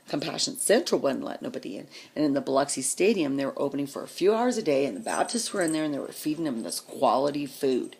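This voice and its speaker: A woman's voice: a bass voice, creaky, breathy edge. A woman vlogger telling a personal story in a blunt, profane, vivid way.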